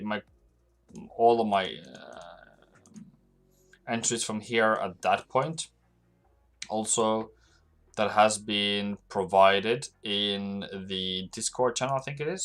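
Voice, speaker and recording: Male streamer, low-ish voice, loose unscripted market commentary with clicking keys. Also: a bit bright. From Norway. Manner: loose and rambling, talking to chat while working through charts. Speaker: forex trading livestream host.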